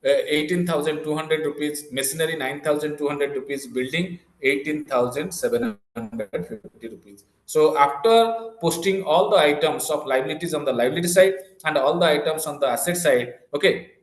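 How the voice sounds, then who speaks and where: A man's voice: a little high, moderate pace, few pauses. A man teaching an online class over a video call, explaining step by step and often checking whether students follow. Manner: explains step by step, repeats key points, checks "clear?" and "okay". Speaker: commerce lecturer. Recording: roomy echo.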